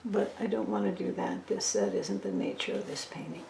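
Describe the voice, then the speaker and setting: A woman's voice: on the low side, very animated, normal speed, vocal fry, few pauses, reverberant, background noise. A woman explaining her painting step by step as she works, thinking aloud and often dropping to a near whisper. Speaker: painting instructor. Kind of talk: casual tutorial narration while painting.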